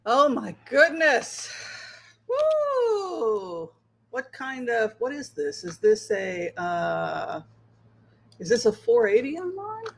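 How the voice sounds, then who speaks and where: A woman's voice: high voice, wildly swooping pitch, takes it slowly, creaky, rough recording. Chatty woman hosting a livestream. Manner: chatty and rambling, checking with viewers. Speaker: tarot reader and livestream host. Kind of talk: casual livestream chat.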